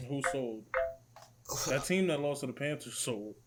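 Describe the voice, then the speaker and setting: A man co-hosting a sports podcast who breaks in with quick, blunt remarks. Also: mid-range voice, expressive, noisy background. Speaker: podcast co-host. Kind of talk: casual sports chat.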